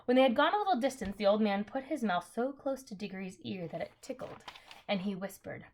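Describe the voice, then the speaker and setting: A woman's voice: mid-range voice, expressive, brisk, a little mellow. A woman reading a children's novel aloud in a casual way, correcting her slips and adding apologetic asides. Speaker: reader.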